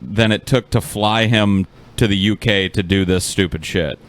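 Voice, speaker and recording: A man's voice: lowish voice, normal speed. A man in casual chat with friends, wryly questioning and dismissing a clip. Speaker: podcast co-host. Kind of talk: casual chat reacting to clips.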